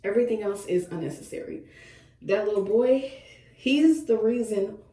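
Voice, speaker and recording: A woman's voice: mid-range voice, normal speed, dark tone. A woman casually venting as she cuts her hair, retelling talks with her son and repeating phrases for stress. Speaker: vlogger, mother. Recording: echoey room, mic at a distance.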